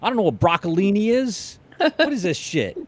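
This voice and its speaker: A man putting on a gruff, indignant New deli counterman. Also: high-pitched, big pitch swings, moderate pace, voice pushed up. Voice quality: brash, indignant.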